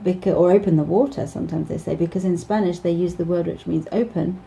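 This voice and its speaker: A woman's voice: fairly low pitch, steady tone, fast talker, vocal fry, warm tone, rough recording. A woman in her thirties, an English teacher, gives casual advice with many ums, restarts and small laughs.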